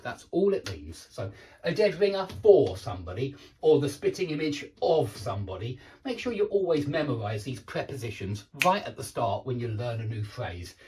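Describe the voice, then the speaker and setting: Lively male English teacher. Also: on the high side. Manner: patient, repeats and rephrases with fillers. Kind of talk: casual explanatory vocabulary lesson.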